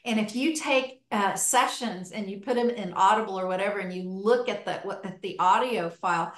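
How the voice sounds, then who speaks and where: A woman who practices hypnotherapy hosts a podcast conversation, enthusiastically recounting stories from her sessions. Her voice is on the high side with a fairly bright tone, and the room sounds echoey.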